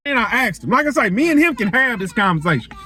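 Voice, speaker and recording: A man's voice: very high-pitched, quick pace. A man talking to camera in a casual, preachy, colloquial way. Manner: animated, preachy, colloquial storytelling. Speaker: vlogger.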